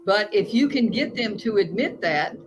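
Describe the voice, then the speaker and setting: A woman speaks as a guest coach, earnest and emphatic as she tells her stories. Her voice sits at an ordinary middle pitch. The recording carries a clear layer of noise behind her. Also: animated, normal speed. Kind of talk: conversational interview. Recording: noisy recording.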